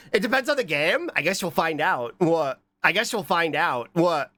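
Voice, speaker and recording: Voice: big pitch swings, a little fast, pushed and bright, no room sound. A livestreamer chatting casually while reacting to videos and reading chat, sounding congested from a cold and talking in a scattered, goofy way. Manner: scattered and goofy, with frequent repeated "What?" and squeaky high bursts.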